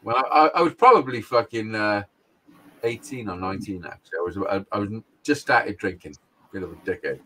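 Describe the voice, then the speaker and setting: A middle-aged man, talking in a low-set voice. He rambles through a casual story on a podcast, blunt and full of swearing, laughing here and there. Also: a little fast, pushed and bright. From Wales. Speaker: podcast co-host.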